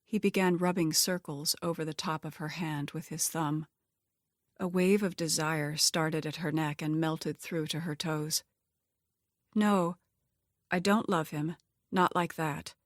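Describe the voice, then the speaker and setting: A woman narrating a romance audiobook in a steady, even storytelling manner. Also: deep voice, no echo, clean studio sound. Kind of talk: scripted narration.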